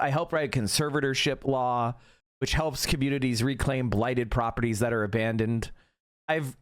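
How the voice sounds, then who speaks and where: A man ranting angrily in political commentary, profane, dropping to a mutter and then shouting. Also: high voice.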